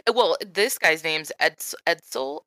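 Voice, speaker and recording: Teasing woman co-host, lively low voice. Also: unhurried, dry recording, clean studio sound. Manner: teasing, joking. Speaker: podcast co-host. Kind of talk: casual chat.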